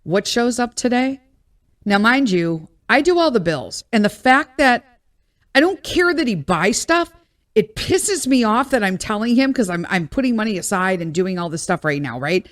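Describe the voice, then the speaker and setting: A blunt, exasperated woman in her thirties with a light drawl, venting about home life on her podcast. Her voice sits a little high, and she swears freely as she rants in a casual, unscripted way. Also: expressive, moderate pace. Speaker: podcast host.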